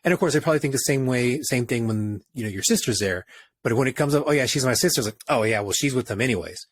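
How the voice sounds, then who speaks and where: A man in casual podcast chat, halting as he searches for words. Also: medium pitch, lively intonation, no room sound. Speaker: podcast co-host.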